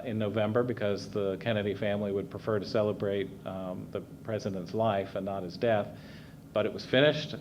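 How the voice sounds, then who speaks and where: A man's voice: lowish voice, lo-fi sound, a little hiss or hum. A man giving a conversational public talk at a library, telling anecdotes with frequent fillers. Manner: conversational storyteller with many fillers. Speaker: guest speaker. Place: library meeting room.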